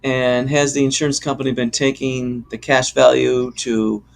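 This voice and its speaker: Gravelly male insurance expert. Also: medium pitch, flat delivery. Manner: measured, hesitant, with fillers. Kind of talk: explanatory casual chat.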